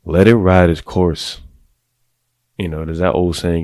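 A deep-voiced middle-aged man hosting a podcast, giving blunt, profane, confessional advice to other men in a casual monologue. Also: little pitch movement, normal speed, mellow, dry recording. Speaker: podcast host.

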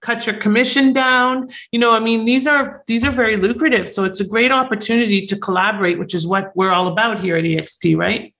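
A man guest on a podcast with a hoarse, raspy voice, talking eagerly and promoting his work over a call. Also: sits high, fairly even intonation, sharp tone. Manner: eager, self-promoting, talks in quick bursts. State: hoarse after illness. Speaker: podcast guest, real estate referral agent. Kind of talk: casual interview talk.

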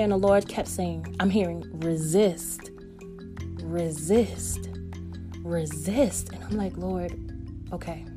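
A woman's voice: mid-range voice, darkish tone. A woman vlogger telling an earnest devotional story and calling her viewers family. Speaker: faith vlogger.

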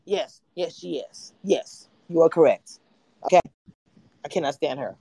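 A woman hosting a livestream, chatting animatedly and excitably about a reality show, sometimes breaking into shouts and laughter. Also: sits low, unhurried, gravelly, husky, no echo. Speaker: livestream host. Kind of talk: casual reality-TV recap chat.

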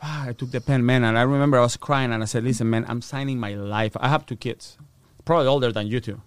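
A man's voice: mid-range voice, quick pace, clear, resonant tone, no echo. A man with a Spanish-influenced accent telling his story in casual talk, acting out the people he quotes and swearing freely. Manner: animated, acts out quotes, swears. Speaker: guest.

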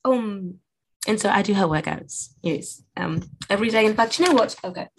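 A woman's voice: mid-range voice, expressive, moderate pace, husky. A woman hosting a podcast in casual, rambling chat, full of fillers and asides. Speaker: podcast host.

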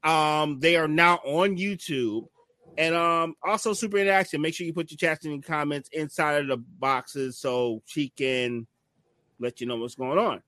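A man hosting a relaxed online broadcast, loose and jokey, with plenty of ums and tangents. His voice sits a bit high for a man. The sound is dry and close, with no room around it. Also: normal speed, no room sound. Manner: joking, rambling with many ums. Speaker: network host. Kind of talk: casual livestream chat.

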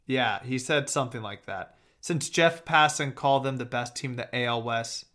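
Young male podcast co-host, casual and rambling, with a bright tone. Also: medium pitch. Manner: rambling, quick bursts of talk. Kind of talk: casual sports chat.

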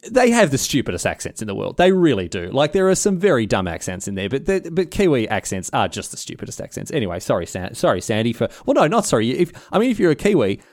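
Fast, lively Australian man rambling. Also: mid-range voice, no room sound, studio quality. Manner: rambling, teasing, self-interrupting. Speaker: podcast host answering listener questions. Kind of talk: casual chat.

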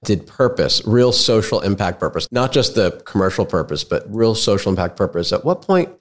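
A man's voice: on the low side, expressive, fairly quick. A man hosting an interview, chatty, asking long winding questions. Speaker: interview host. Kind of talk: conversational interview.

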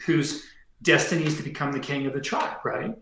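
A man's voice: fairly high pitch, lively intonation, a little fast, fairly bright tone, slight background noise. A middle-aged man, a podcast guest, telling a story casually in slangy talk full of fillers. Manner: slangy, heavy on fillers and "dude". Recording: very echoey room.

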